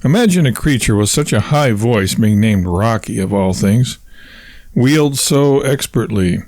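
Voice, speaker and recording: Brief: male audiobook narrator, wry measured reading, dry sound. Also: mid-range voice, lively intonation, a little mellow, no room sound. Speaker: audiobook reader. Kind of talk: storybook narration.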